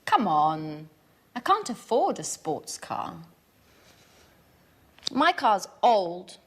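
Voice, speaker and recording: A woman's voice: medium pitch, very animated, extremely slow, full character voice. A woman playing an eager young woman asking advice. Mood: friendly. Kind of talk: scripted dialogue for learners.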